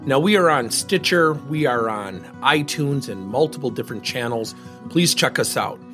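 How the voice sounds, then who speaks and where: A man's voice: medium pitch, normal speed, soft background music. A man hosting a coaching podcast, giving direct advice and telling stories where he acts out the people in them. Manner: animated storytelling, acts out quoted people. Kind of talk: solo podcast monologue.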